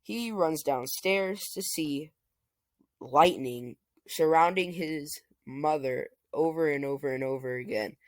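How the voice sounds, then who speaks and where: A man's voice: fairly high pitch, slow, dry recording. A man casually narrating a fan-made story as a channel host, in a loose, stop-start way. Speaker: YouTube storyteller.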